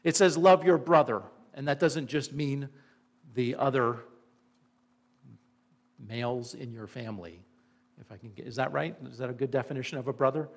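A man's voice: mid-range voice, normal speed, creaky, long pauses. A man preaching a sermon, earnest and emphatic, asking the listeners rhetorical questions. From Indiana. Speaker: pastor.

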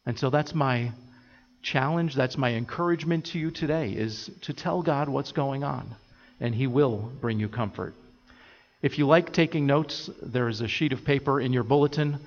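A man preaching a sermon as pastor, earnest and steady, building his points through repeated phrases. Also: mid-range voice, long reverb tail, highs cut off. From United States. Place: church sanctuary.

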